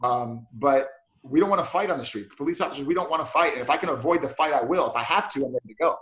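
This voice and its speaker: Speaking quickly at a medium pitch in a roomy-sounding space, a police officer and martial arts black belt shares animated stories. He performs the dialogue as part of a casual interview.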